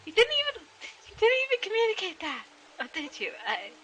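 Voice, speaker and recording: A woman's voice: very high-pitched, huge pitch swings, a little fast, muffled recording, over a noisy crowd. A woman playing a tabletop game, rambling in character and sounding exasperated. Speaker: player. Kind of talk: in-character tabletop role-play.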